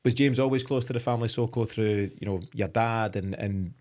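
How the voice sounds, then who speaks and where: A man's voice: fairly low pitch, fairly quick, darkish tone. A man hosting a podcast, prompting his guests for stories in an easygoing way. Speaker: podcast host. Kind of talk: interview chat.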